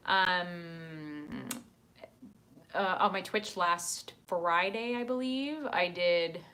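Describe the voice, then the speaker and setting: A woman's voice: fairly low pitch, drawn-out words, pushed and bright. Chatty woman livestreaming from her apartment. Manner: chatty, reads out viewer comments, frequent ums. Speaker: livestream host. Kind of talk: casual livestream chat.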